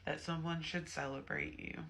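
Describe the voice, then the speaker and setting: Gravelly, bright-voiced man reading tarot. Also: fairly high pitch, level tone, moderate pace. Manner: chatty and emphatic, personal asides. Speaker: tarot reader.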